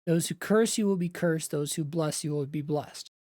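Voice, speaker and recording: A solemn old blind father intones his words with grave, unhurried weight, as a woman reads him out. The voice sits low and the sound is dry and close. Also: darkish tone, no room sound, close to an everyday voice.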